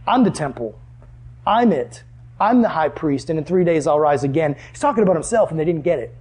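Young male Bible teacher, high voice, lively and questioning, classroom lesson. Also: breathy edge. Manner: animated, asks the class questions.

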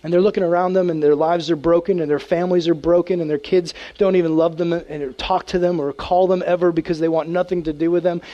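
A man, a youth pastor, preaching a casual, animated sermon to teens and acting out prayers in a hushed voice. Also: fairly high pitch, quick pace, hardly any pauses, highs cut off.

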